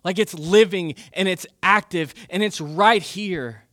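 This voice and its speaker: Bright-voiced casual male preacher. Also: high voice, a little slow, no room sound, clean studio sound. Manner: casual and chatty, with fillers like "man" and "like". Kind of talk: conversational sermon.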